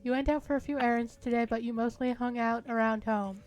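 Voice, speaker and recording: Woman reading out a dating game story, soft dramatic delivery, highish voice, bit of music under it. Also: fairly even intonation, fairly quick. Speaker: co-host reading a visual novel aloud. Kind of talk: reading game text aloud in a casual let's-play.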